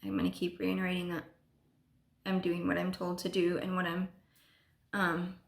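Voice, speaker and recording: A woman telling a personal story on a vlog, halting and full of ums and restarts. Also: fairly low pitch, completely flat delivery, vocal fry, reverberant. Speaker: vlogger.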